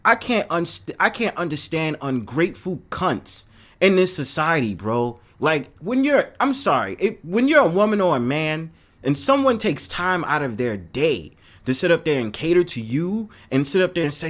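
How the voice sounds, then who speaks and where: A man hosts a casual live stream and rants to his viewers. His pitch sits a little high and jumps around constantly as he gets worked up. He talks loose and profane and keeps calling out viewers in the chat by name. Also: sing-song, normal speed. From New York City. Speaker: host.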